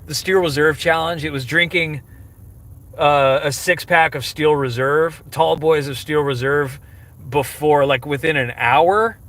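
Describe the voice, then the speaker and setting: A man's voice: a little high, a bit bright. Casting note: male streamer, rambling casual chat with viewers, wry and self-mocking, lots of ums and restarts. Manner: rambling, heavy on fillers and restarts. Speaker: livestreamer answering chat questions.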